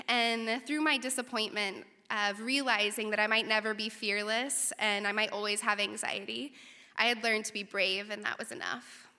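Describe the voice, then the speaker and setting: A young woman telling a personal story to an audience, lively, her voice leaping up when recounting panic. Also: on the high side. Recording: reverberant hall.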